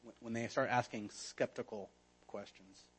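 A man preaching a sermon in an earnest manner, often dropping to a hushed voice for emphasis. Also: mid-range voice, steady tone, moderate pace, slightly rough, poor audio. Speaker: pastor.

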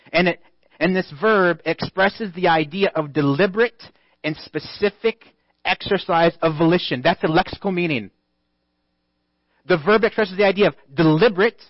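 A man preaching a sermon as pastor, earnest and emphatic, reading scripture aloud with deliberate pauses. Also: a little high, dry recording, muffled recording.

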